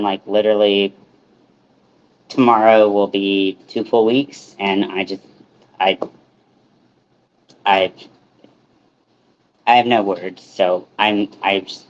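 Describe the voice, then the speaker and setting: A man's voice: lowish voice, muffled recording, a little hiss or hum. A man hosting a casual livestream from his kitchen, rambling with lots of fillers and restarts. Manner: rambling, filler-heavy, self-interrupting. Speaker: livestream host. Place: small home kitchen.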